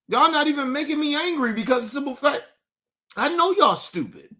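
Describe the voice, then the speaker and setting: A man rants into his streaming mic at a high pitch, talking straight to the viewers in his chat. His voice is bright and forceful, and his mocking, profane delivery stays combative throughout. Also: expressive, fast. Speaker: livestream host. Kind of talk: profane livestream rant to chat. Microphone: streaming setup mic.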